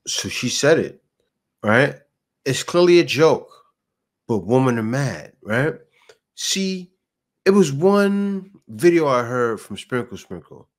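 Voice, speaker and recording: A man's voice: mid-range voice, lively intonation, slow. A man hosting a reaction video, commenting casually with rhetorical questions and laughter. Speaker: reaction channel host.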